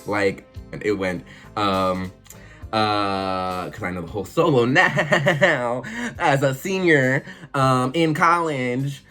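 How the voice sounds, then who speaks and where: A young man, telling funny stories in a casual, animated vlog full of swearing and laughter. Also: medium pitch, slow pace, faint music behind. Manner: animated, swearing, laughing, acts out voices and sings snatches. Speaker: vlogger. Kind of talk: casual storytelling.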